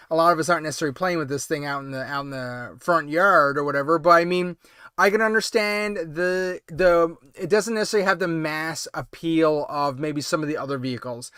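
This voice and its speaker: A man's voice: on the high side, a bit bright, clean tone, no echo, studio quality. A man hosting a late-night toy-collecting livestream, chatting casually and rambling with lots of hedges and fillers. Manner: rambling, hedging with many ums and I means. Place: home, late-night stream.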